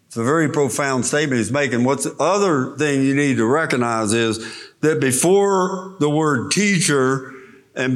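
A man preaching a sermon, teaching verse by verse through a Bible passage and explaining the original words. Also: medium pitch.

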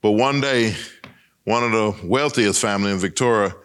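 A middle-aged man giving a personal testimony speech, telling his story with emphatic swings between raised and lowered lines. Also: normal speed, a bit bright.

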